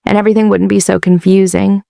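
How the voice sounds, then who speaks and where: A woman's voice: medium pitch, flat delivery, fast, creaky, warm tone, no echo, clean studio sound. A woman voicing an upset ten-year-old girl who pleads with raw, tearful anger. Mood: angry, hurt.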